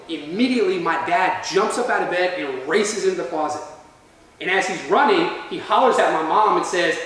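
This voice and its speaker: A man with a fairly high voice gives a motivational talk to students. He tells a story and keeps checking in with "all right?" The sound comes from a distant mic in a strongly echoing hall. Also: expressive, a little fast, a bit bright. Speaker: motivational speaker. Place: large university lecture room. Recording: echoey hall from far off.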